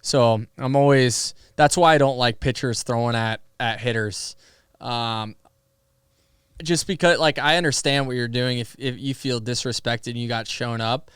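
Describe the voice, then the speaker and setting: A young man chats as a podcast guest, telling stories in an animated, loose way with lots of fillers and quick laughs. His voice is smooth and clear at a middle pitch. The close studio mic keeps it dry. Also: dry recording. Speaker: podcast guest, pro athlete. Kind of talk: casual storytelling conversation.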